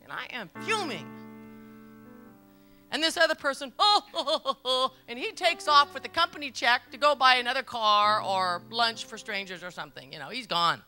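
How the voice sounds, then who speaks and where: A woman's voice: fairly high pitch, expressive, normal speed, sharp tone, soft background music. A middle-aged woman pastor preaching a sermon, telling stories emphatically, repeating phrases and laughing along as she goes. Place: church service.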